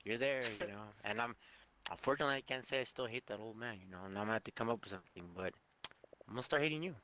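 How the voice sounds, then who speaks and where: A man with a lowish voice that still sounds bright and forceful talks in a rambling, profane way. He leans on fillers and casual swearing while he reminisces with friends. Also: rapid-fire, a little hiss or hum. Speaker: co-host of a gaming channel. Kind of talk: casual memorial chat.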